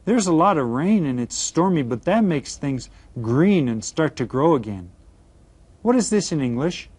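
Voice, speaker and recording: A man with a slightly high voice leads a recorded Spanish lesson for children. He is upbeat, cues the class with counts, and says each Spanish word slowly and carefully. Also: sing-song, darkish tone, husky. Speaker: Spanish teacher.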